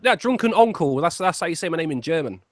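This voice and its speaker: A man on a casual livestream, cracking deadpan jokes in a lively voice. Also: on the high side, fast talker, crowd noise. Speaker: stream guest.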